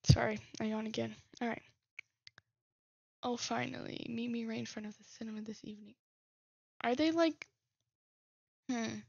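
A woman's voice: fairly high pitch, steady tone, normal speed, gravelly, pauses often, darkish tone, slightly rough, no room sound. A woman streamer casually playing a phone game, reading text messages aloud and musing over them. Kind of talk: casual let's-play commentary. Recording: slightly dull lo-fi recording.

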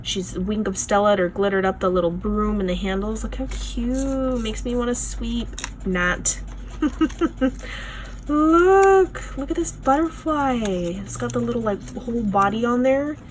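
A young woman hosting a casual craft unboxing, gushing and excitable as she shows each piece. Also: medium pitch, moderate pace, slight background noise. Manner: gushing, excitable, lots of "oh my gosh" and "you guys". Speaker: craft channel host. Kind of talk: casual unboxing show-and-tell.

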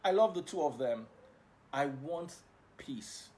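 A man's voice: on the high side, expressive, slow, a little mellow. Middle-aged Nigerian male broadcaster, casual live chat, playful, preachy. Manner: switches between English and pidgin, playful and preachy. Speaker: livestream host and broadcaster.

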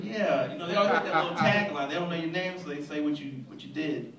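A young man from Texas doing an animated stand-up comedy set, bursting loud when he acts out characters. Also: fairly high pitch, quick pace. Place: comedy club stage. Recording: roomy club sound, mic at a distance, loud crowd.

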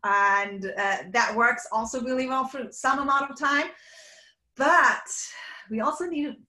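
A woman from Sweden and Germany, a communication coach, talking quickly and at length in an online workshop and playing with her voice. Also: high-pitched, bright, forceful tone, reverberant. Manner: fast and talkative, playfully demonstrates vocal variety. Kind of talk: energetic online workshop talk. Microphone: video call.

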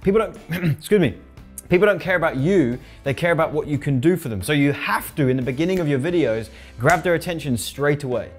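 An energetic male coach giving a to-camera lesson on video ads, his voice pitched a little high. He keeps pressing his points home with quick tag questions. Soft guitar music plays faintly underneath. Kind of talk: instructional talk to camera.

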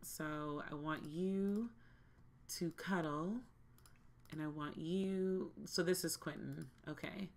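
A woman's voice: low voice, fairly even intonation, takes it slowly, darkish tone, a little hiss or hum. A woman hosting a life-simulation gameplay video, chatting casually with her viewers, often exasperated and repeating herself. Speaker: gaming channel host.

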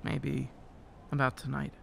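A man's voice: mid-range voice, completely flat delivery, creaky, slight background noise. An actor playing a hesitant, shy young man. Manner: hesitant, halting.

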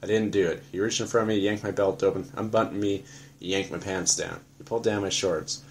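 A man narrating an audiobook in a flat, matter-of-fact first-person telling. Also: deep voice, fairly quick.

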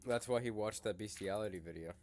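A man's voice: fairly low pitch, fast talker, a little mellow, a little hiss or hum. A young man chatting casually while playing a video game, teasing his friend crudely and laughing often. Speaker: gamer. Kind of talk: casual gaming chat.

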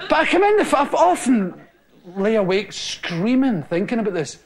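On a noisy old TV recording, a Scottish comedian in his forties tells stories to a studio audience, laughing as he acts out the scenes. He has a high, very animated voice and a moderate pace.

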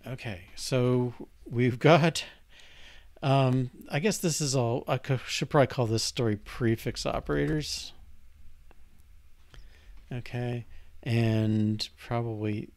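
A man live-coding and thinking aloud, halting and muttered, with fillers as he works. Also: mid-range voice, darkish tone, dry recording. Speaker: programmer live-coding on stream.

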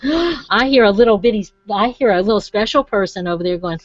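A woman's voice: medium pitch, expressive, a little fast, no echo, muffled recording. A woman giving a chatty, encouraging live craft demonstration and talking straight to her viewers.

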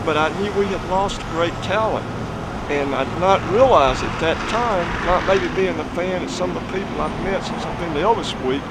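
A man being interviewed, who answers in a thoughtful and earnest way. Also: high-pitched. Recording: heavy background noise.

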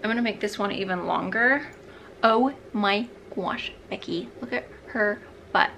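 A bubbly young woman chats casually while getting ready at home, rambling and thinking out loud. Her voice is bright and forward, with a faint room hum behind her. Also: mid-range voice, a little slow, creaky. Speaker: beauty vlogger. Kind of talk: chatty get-ready-with-me vlog.

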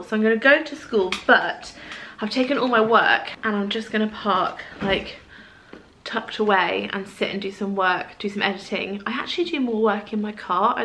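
A woman's voice: mid-range voice, normal speed, fairly bright tone, slight background noise, poor audio. A woman chatting casually in her vlog, rambling and poking fun at herself. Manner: chatty, rambling, self-deprecating. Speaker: vlogger.

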